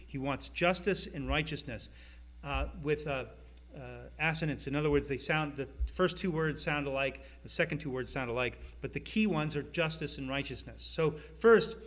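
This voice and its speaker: A man's voice: on the high side, a bit bright. A man preaching a sermon in a conversational way, asking the listeners questions and acting out quoted speakers. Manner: conversational, asks the audience rhetorical questions; acts out quoted voices in dialogue.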